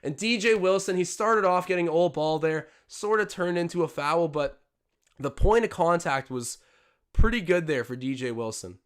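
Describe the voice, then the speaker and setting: A young man hosting a live watch-along stream, commentating on a basketball game and getting excitable on big plays. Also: moderate pace, clean tone. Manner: excitable, jumps up in pitch and volume on big plays. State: out of breath. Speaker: livestream host doing game commentary.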